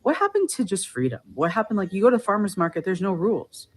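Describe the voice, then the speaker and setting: A woman's voice: mid-range voice, very animated, quick pace. A woman vlogger ranting casually to the camera, agitated as she retells her arguments.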